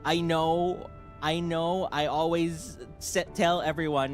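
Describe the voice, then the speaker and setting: A young man chatting excitedly on a livestream, rambling and jumping between shouting and mumbling. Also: fairly high pitch, takes it slowly, soft background music. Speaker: streamer. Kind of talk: excited casual livestream chat.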